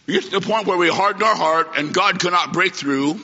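A man preaching an emphatic sermon in a church, swinging from loud declarations to hushed asides. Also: high voice, fairly quick. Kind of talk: fiery sermon. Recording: dull lo-fi sound in a reverberant hall.

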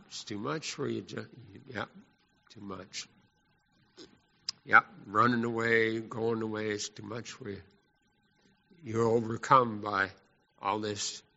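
A man preaching a sermon in an animated, folksy style. His voice is gravelly and bright. It echoes through a church hall on a muffled recording. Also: mid-range voice.

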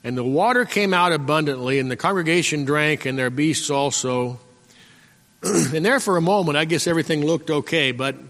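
A man preaching a sermon as pastor, exhorting and repeating himself, often clearing his throat and calling out for an amen. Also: on the high side, moderate pace, a bit bright. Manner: repetitive, exhorting, calls out "Amen?". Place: church sanctuary. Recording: long church-hall reverb.

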